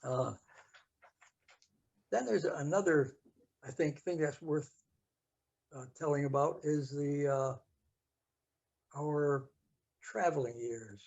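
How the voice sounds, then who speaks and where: An older American man telling a story from his past in an interview, halting with many fillers and restarts. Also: a little high, creaky, darkish tone, lo-fi sound. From United States. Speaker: interview guest. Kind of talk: storytelling recollection.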